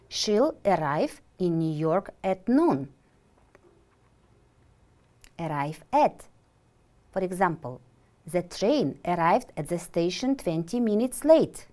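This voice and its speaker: A woman teaching a televised English vocabulary lesson, slow and carefully enunciated, asking questions and answering them herself. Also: lowish voice, a little mellow. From Kyrgyzstan. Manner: slow, deliberate, clearly enunciated.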